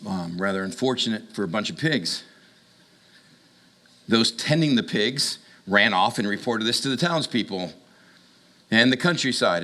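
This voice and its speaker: A man preaching a sermon to young adults, telling the story in an animated way with comic asides and urgent direct appeals to his listeners. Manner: acts out voices with sudden high jumps.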